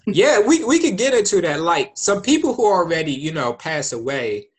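Co-host, man, slightly high voice, laid-back persuasive chat. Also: very animated, moderate pace, slightly rough. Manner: laid-back, persuasive, keeps saying "hey, look". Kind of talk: casual chat.

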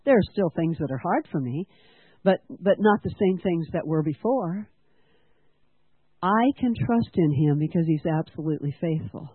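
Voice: medium pitch, lively intonation, normal speed, husky, no room sound. A church-school teacher preaching a sermon in an earnest way, asking the congregation questions and having them repeat lines. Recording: dry, tinny phone-like sound.

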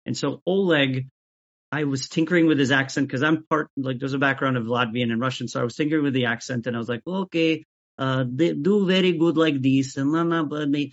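A man in a middle-pitched voice answers interview questions in an even, steady way, often trailing off and restarting. The recording sounds dull and lo-fi. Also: fast talker, husky. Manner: even-keeled, many restarts. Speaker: guest, sketch creator. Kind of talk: casual interview chat. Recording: dull lo-fi audio.

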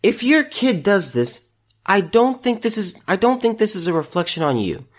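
A man's voice: high voice, sing-song, normal speed. A man hosting a solo opinion podcast, ranting in exasperation and restarting his sentences. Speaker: podcast host.

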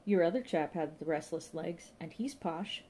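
A woman's voice: fairly low pitch, normal speed, warm tone, slight background noise, natural voice. A woman reading an audiobook voices a chatty, flirtatious female museum shop receptionist who talks in a gossipy, breezy, naive way.

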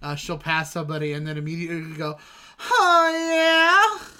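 A man with a bright, slightly raised voice, co-hosting a casual podcast. He rambles through stories, stops often for fillers, and keeps things loose and chatty. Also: fairly high pitch, completely flat delivery, rapid-fire. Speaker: podcast co-host. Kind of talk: casual chat.

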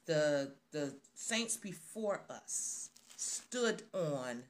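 A woman's voice: low voice, lively intonation, drawn-out words. A woman preaching a sermon on a live stream, stressing her points by repeating phrases.

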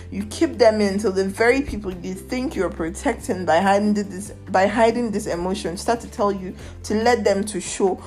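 A young woman with a Nigerian accent hosting a podcast, ranting candidly and emotionally and dropping in Nigerian slang. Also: medium pitch. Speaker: podcast host. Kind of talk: personal rant podcast.

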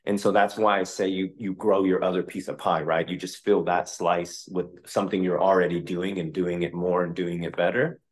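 Brief: man in his 30s, very low voice, a realtor talking shop off the cuff, blunt now and then. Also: flat delivery, normal speed, few pauses. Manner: candid, conversational, occasional profanity. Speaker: realtor and podcast host. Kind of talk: casual interview answers.

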